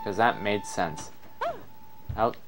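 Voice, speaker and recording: A man's voice: fairly low pitch, takes it slowly, over music. A young man giving casual gameplay commentary in a rambling, self-deprecating way. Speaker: let's player.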